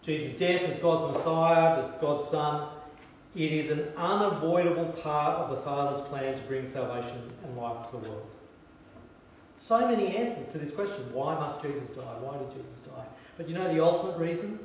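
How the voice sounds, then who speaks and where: Preacher in an echoey hall. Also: male voice, fairly high pitch, normal speed, slight background noise. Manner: animated storytelling, shifting from soft hushed emphasis to lively humor. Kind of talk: sermon. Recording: echoey hall, distant mic.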